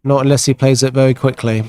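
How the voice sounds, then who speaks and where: A man calls a backgammon match live in a chatty, easygoing way, tossing in wry jokes and playful sound effects. His voice sits at an ordinary middle pitch. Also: little pitch movement, fast talker, a little mellow. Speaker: commentator.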